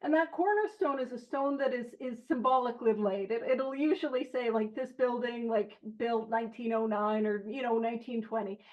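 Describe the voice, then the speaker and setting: A woman leading an online recovery study group, reading passages aloud and chatting through them with animated, jokey digressions. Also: a little high, normal speed, hardly any pauses. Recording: slightly muffled online stream audio.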